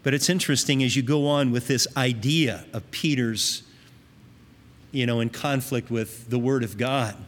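A man's voice: mid-range voice, fairly even intonation, moderate pace, big-room sound. A man preaching a sermon, teaching in an earnest, conversational way with emphatic rises.

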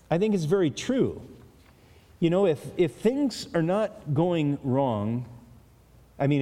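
Man, pastor, earnest conversational sermon, somewhat high warm voice, long reverb of a big hall. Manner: earnest, conversational, speaks directly to listeners. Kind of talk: expository sermon.

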